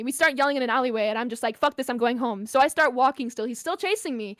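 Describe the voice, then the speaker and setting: A young woman, a podcast guest, telling a story in casual chat, animated and swearing freely with lots of "like". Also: high voice, fast talker, hardly any pauses, no echo, clean studio sound.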